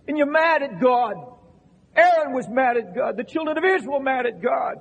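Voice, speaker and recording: A man preaching an impassioned sermon to a congregation in a church, repeating phrases and shouting at the peaks. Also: very high voice, expressive, normal speed, vocal fry. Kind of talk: fiery revival sermon. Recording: long reverberant hall sound.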